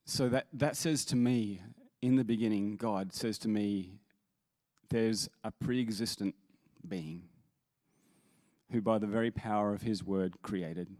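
A man with a lowish voice leads worship and speaks earnestly, breaking off into restarts, then lifting into emphatic recitations of scripture. The sound is dry and close, with little room around it. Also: slow, darkish tone, no room sound. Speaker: worship leader. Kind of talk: sermon-style talk.

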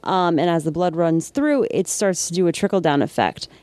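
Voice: mid-range voice, moderate pace, a little mellow, dry recording. A makeup effects artist with a New Jersey accent, chatting casually about techniques, with lots of filler ums. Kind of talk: casual shop talk.

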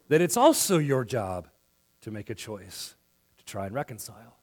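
A pastor delivers a sermon in a somewhat high voice. He acts out quoted lines and swings from loud, excited passages to hushed ones. He speaks to a congregation in church.

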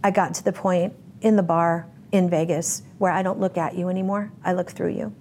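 A woman's voice: lowish voice, steady tone, a little fast, a little mellow, slight background noise. A woman giving a candid interview, telling her story bluntly and vividly. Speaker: interview guest.

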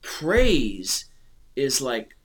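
A man in casual conversation about faith, rambling and restarting, animated and emotional as he speaks. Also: medium pitch, extremely slow. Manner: rambling, animated, repeats words.

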